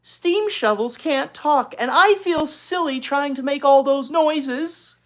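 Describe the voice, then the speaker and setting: A reader doing a fed-up big sister, high. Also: takes it slowly, a bit bright. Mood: exasperated. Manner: cross, fed up. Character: exasperated older sister, a schoolgirl.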